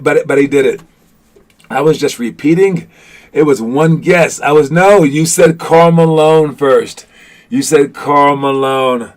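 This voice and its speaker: A man hosting a casual basketball podcast, joking and teasing his chat with lots of restarts. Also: fairly high pitch. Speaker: podcast host. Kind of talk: casual live-stream chat.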